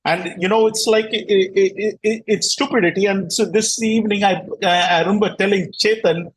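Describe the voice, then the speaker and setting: Husky, combative man ranting on a show. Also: high voice, steady tone, normal speed, hardly any pauses, poor audio. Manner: combative, sarcastic, repeats himself. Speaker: cricket show host. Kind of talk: heated casual rant.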